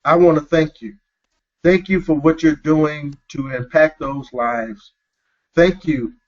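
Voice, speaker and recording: A man's voice: a little high, steady tone, slow pace, muffled recording. Earnest talk-show host man, emphatic. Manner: earnest, emphatic, calls listeners brother.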